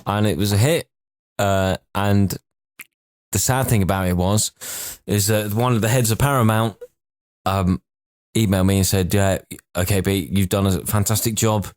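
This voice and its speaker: A man's voice: lowish voice, steady tone, moderate pace, darkish tone, no echo, clean studio sound. A man, a podcast co-host and impressionist, chatting casually and rambling through an anecdote between laughs. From England. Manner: chatty, rambling storyteller who laughs along. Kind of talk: casual chat, telling an anecdote.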